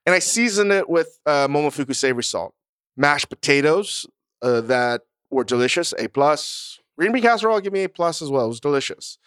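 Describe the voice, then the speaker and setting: A man's voice: a little high, expressive, a little fast, a bit bright, clear, resonant tone, no room sound, studio quality. A man co-hosting a podcast, chatting casually in a blunt, profane, self-mocking way. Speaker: podcast co-host. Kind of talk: casual chat.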